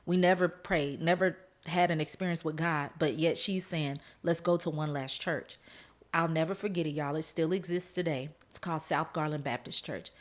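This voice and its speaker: A woman with a slightly low voice tells her own testimony on a podcast, speaking straight to her listeners. She is emotional and earnest, and she laughs through the tense parts of the story. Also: fairly even intonation, moderate pace. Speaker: podcast host.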